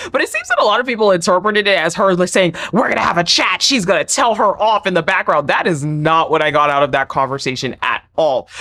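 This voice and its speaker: A woman giving a casual, chatty reality TV recap, often acting out cast members in high mocking voices. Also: a bit bright. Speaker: recap vlogger.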